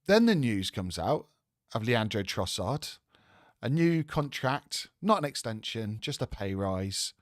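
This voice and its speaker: A man hosting a casual live stream, talking excitably and rambling with stammered restarts. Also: lowish voice, measured pace, dry recording, clean studio sound. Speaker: host.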